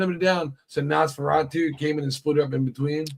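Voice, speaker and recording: A man's voice: a little high, a little fast, creaky, few pauses. A man co-hosting a podcast, telling stories in casual chat and swearing often. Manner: profane, animated storyteller. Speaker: podcast co-host.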